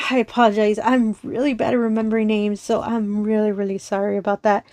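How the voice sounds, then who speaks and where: A woman's voice: mid-range voice, fairly even intonation, brisk, few pauses, a little mellow, dry recording, studio quality. A woman from Texas, chatting casually to her viewers at home in a bubbly, giggly, apologetic, rambling way. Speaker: crafting channel host.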